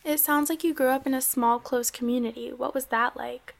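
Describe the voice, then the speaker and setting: Gravelly woman asking interview questions. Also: sits high, steady tone, brisk, dry recording. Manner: prompting, conversational.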